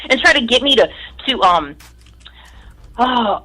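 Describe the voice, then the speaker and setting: A woman's voice: a little high, measured pace, poor audio. Profane storytelling woman. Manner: profane, animated, mimics people in stories. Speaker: guest musician. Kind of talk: casual storytelling.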